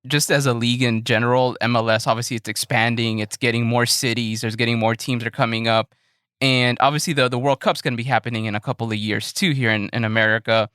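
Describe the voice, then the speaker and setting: Male podcast co-host, bright crisp voice, casual meandering questions. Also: mid-range voice, steady tone, quick pace, no echo, clean studio sound. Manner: rambling, curious questioner. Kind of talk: casual interview chat.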